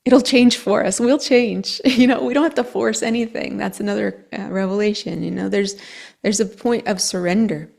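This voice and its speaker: A woman astrologer speaking to her viewers in an earnest, emotional monologue that sometimes drops to a soft whisper. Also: mid-range voice, normal speed, creaky. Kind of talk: reflective monologue to camera.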